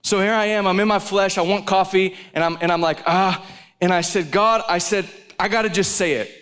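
A male preacher delivers a sermon at a live conference in an intense, animated storytelling manner. His voice sits a little higher than most men's. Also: a little fast, clean tone.

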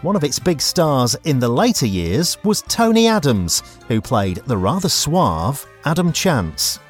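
A man's voice: mid-range voice, sing-song, measured pace, soft background music. A male presenter reading a scripted, theatrical introduction to a nostalgia programme. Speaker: radio presenter. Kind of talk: scripted narration.

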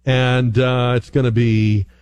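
A man hosting a call-in radio talk show, chatty and animated, now and then mimicking other voices as he tells stories. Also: medium pitch, takes it slowly, smooth, no room sound. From northern United States. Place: radio studio.

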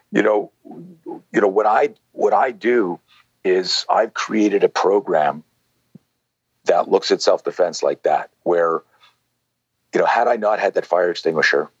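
A man in his sixties, a self-defense instructor, telling stories in casual conversation, rambling with many fillers and a husky voice. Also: deep voice, dry recording, dull audio. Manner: rambling, lots of "you know" and "like". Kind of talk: conversational storytelling.

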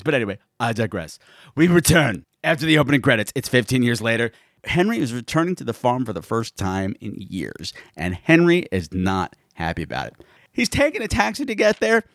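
Male host, comedic recap, bouncy high delivery, dry close sound. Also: a bit bright, no room sound. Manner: campy, playful, full of innuendo and asides. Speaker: podcast host.

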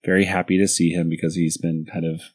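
Male podcast host, lowish voice, relaxed chatty delivery, quick to laugh. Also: husky. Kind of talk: casual podcast chat.

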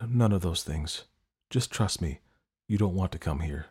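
A man voicing an older man who quietly begs someone to stay away. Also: expressive, unhurried, husky, full character voice. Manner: quiet, low and pleading. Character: older man hiding a secret, pleading softly.

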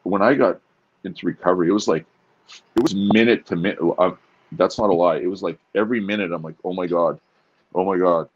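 Earnest man with a very deep voice. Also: slightly rough, lo-fi sound. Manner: earnest, halting with repeated restarts. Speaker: podcast guest. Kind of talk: candid conversational interview.

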